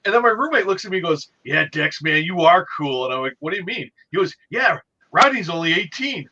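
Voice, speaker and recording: Lively older man telling a story. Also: high voice, fairly quick. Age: 50s. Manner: animated, acts out quotes. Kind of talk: casual storytelling. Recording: dull lo-fi sound.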